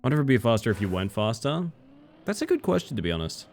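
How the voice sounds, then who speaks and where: A man's voice: medium pitch, quick pace, soft background music. A man casually commenting on his live game stream late at night, sleepy and chatty, answering chat as he plays. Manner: relaxed, chatty, reads chat aloud and answers it.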